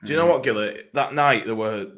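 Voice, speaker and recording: A man's voice: mid-range voice, fairly quick, fairly bright tone. Podcast guy telling stories, swears a lot, laughs along, mid voice. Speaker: podcast co-host. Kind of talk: casual chat among mates.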